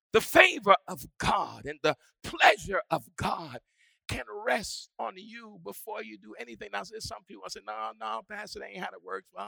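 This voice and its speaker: A male pastor preaching a sermon, moving from quiet teaching to shouted, rising preaching and back down to near-whispers. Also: sits high, creaky, dry recording.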